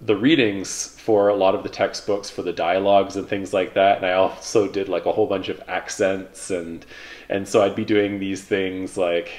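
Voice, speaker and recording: A man in his thirties casually telling stories about his past, relaxed and rambling, with lots of fillers. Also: low-pitched, moderate pace. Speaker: vlogger, pilot. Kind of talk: casual reflective storytelling.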